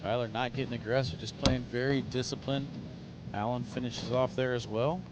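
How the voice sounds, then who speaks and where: A man's voice: mid-range voice, steady tone, moderate pace, noisy background. Joking male sports commentator. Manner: chatty, joking banter between calls. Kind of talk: live play-by-play commentary.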